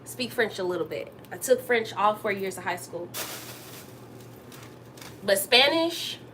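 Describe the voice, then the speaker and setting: A young woman hosting a casual livestream from her kitchen while she cooks, chatting straight to her viewers and jumping up high to greet them. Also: lively intonation, a little slow, fairly bright tone, a little hiss or hum. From Texas. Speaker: livestream host. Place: home kitchen.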